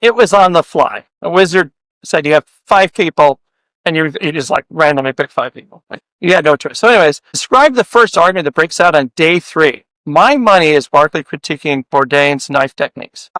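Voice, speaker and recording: A man's voice: fairly high pitch, animated, brisk, sharp tone, no room sound, rough recording. A man hosting a podcast interview, joking around and firing off playful hypothetical questions in casual chat. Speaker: podcast host.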